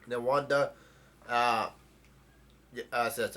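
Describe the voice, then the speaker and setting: A man casually summarizing the plot of a comic chapter, with halting speech full of ums, uhs and restarts. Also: mid-range voice, steady tone, a bit bright. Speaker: manga chapter recapper.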